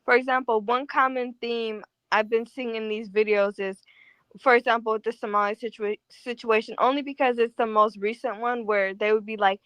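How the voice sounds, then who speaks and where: Casting: woman, clear and slightly high, calm counterpoint in a casual online talk. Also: dry recording. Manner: calm, measured pushback. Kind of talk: casual live-stream debate.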